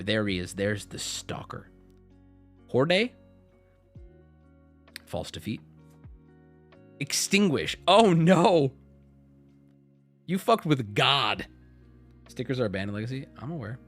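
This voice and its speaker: A man streaming himself opening card packs, chatting casually and joking, and yelling out loud whenever a rare card turns up. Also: mid-range voice, big pitch swings, takes it slowly, pauses often, soft background music. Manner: joking, shouts at rare cards. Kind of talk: casual live-stream chat.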